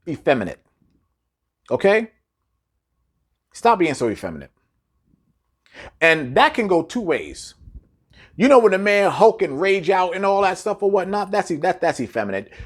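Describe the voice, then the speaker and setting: A man preaching a blunt, profane monologue straight at his listeners. His voice sits fairly high and swings widely in pitch, hammering home points with repeated rhetorical questions. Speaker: commentator.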